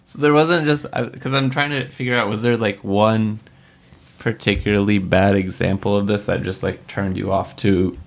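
A man's voice: fairly low pitch, fairly even intonation, moderate pace, gravelly. A man hosting a podcast, asking easygoing questions and laughing along. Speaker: podcast host. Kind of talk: casual interview chat.

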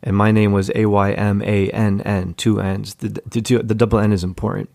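A man's voice: lowish voice, level tone, moderate pace, gravelly, a little mellow, dry recording. A man telling casual, jokey stories as a podcast guest, in a laid-back way. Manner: laid-back, jokey, mimics voices in anecdotes. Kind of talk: casual storytelling.

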